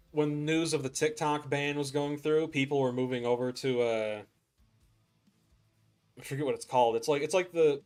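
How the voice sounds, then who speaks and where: A young man chatting casually to viewers while playing a game, rambling and laughing often. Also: mid-range voice. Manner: rambling, laughs often, says "dude" a lot. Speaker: gaming streamer. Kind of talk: casual gameplay chat.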